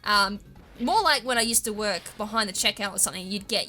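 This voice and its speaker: Casual Australian woman gamer, tangent-prone commentary, bright tone, light music bed. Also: mid-range voice, quick pace. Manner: chatty, rambling, goes off on tangents. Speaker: gaming YouTuber. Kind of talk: casual let's-play commentary.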